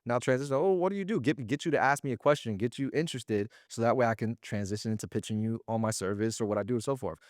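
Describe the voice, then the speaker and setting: A man's voice: fairly low pitch, fast, few pauses, dry recording. Slangy man, casual and dry-sounding. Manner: slangy and animated, often acting out little quoted exchanges. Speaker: guest, sales business owner. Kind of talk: casual interview talk.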